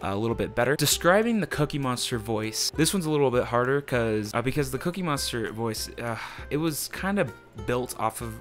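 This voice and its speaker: A man's voice: mid-range voice, expressive, brisk, few pauses, a bit bright, faint music behind. A young man hosting a casual voice tutorial, rambling with many ums and uhs. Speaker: voice tutorial youtuber.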